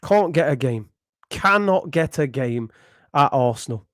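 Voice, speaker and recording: A man's voice: medium pitch, lively intonation, a little slow, a bit bright, dry recording, studio quality. A young man ranting in exasperation as a football channel host, repeating himself in disbelief. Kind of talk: ranting vlog commentary.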